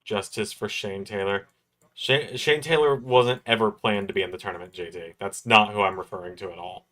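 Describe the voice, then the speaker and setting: A man's voice: on the low side, normal speed, pushed and bright. A man co-hosting a casual wrestling watch-along chat, dropping dry joking asides. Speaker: co-host.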